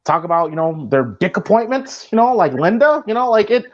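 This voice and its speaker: A man's voice: sits high, big pitch swings, brisk. A man co-hosting a casual movie commentary podcast, rambling with many restarts and fillers. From Iowa, US. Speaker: podcast co-host. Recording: dull lo-fi sound.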